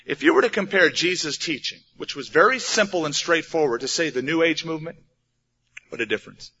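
A man's voice: fairly high pitch, animated, fairly quick, pushed and bright, breathy edge. A man preaching a sermon as a pastor, plain-spoken and conversational, asking the audience rhetorical questions. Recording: dull lo-fi recording.

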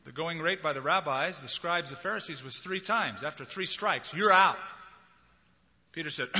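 A man preaching a sermon, expressive and acting out the voices of people he quotes. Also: a little high, moderate pace. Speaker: pastor. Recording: dull lo-fi recording in a large hall.

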